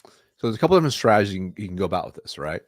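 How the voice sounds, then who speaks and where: Male sales coach, low register, dry close mic, patient instructive delivery. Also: rapid-fire, no echo. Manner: instructive, demonstrates calm flat phone lines. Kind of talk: coaching role-play on a podcast.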